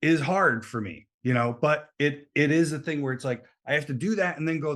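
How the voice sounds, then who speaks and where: Middle-aged guy telling showbiz stories, acts out the voices, super animated. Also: on the high side, fairly quick. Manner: animated storyteller who acts out quoted lines. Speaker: podcast guest, actor and comedian. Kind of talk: casual chat.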